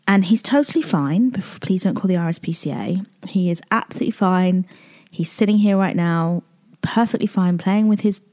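A woman's voice: lowish voice, mellow. A woman with a British accent hosting her own podcast, speaking openly and emotionally in a confessional way. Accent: British English. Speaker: podcast host. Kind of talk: candid solo podcast talk.

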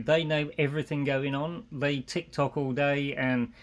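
Relaxed English man telling family anecdotes. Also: fairly high pitch, moderate pace. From England. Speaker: guest, marketing executive. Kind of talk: casual interview chat.

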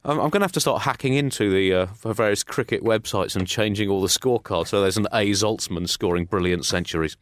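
A man's voice: fairly low pitch, fast talker, hardly any pauses. A man co-hosting a comic podcast, rambling and self-mocking, chuckling through his jokes. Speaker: podcast co-host.

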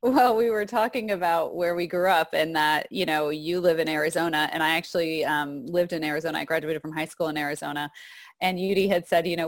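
A woman's voice: fairly low pitch, fairly quick, dry recording. A woman co-hosting a podcast, speaking in a thoughtful, reflective way. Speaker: podcast co-host. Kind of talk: casual podcast chat.

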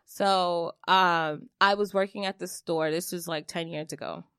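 A young adult woman on a podcast, telling a personal story in blunt, swearing, animated casual chat. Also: fairly low pitch, a little slow, clear, resonant tone, dry recording, clean studio sound. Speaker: podcast co-host.

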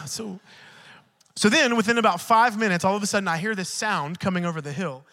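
A man preaches with a high, ringing voice. He moves from fervent, shouted declarations to relaxed storytelling and acts out the voices in his tale. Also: brisk, long reverb tail. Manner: shifts between loud preaching and quiet storytelling; acts out dialogue in his stories. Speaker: pastor. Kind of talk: sermon with storytelling.

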